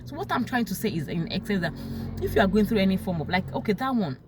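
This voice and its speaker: A young Nigerian woman with a Nigerian accent talking about her life in casual storytelling, emotional and quick to act out what others said. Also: mid-range voice, noisy background. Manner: emotional, animated, quotes others in sharp raised tones.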